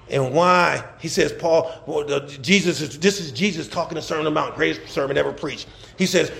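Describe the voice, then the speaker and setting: A man preaching a sermon as pastor, animated, laughing and shouting at times. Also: a little high, a little fast, creaky, echoey room. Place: church.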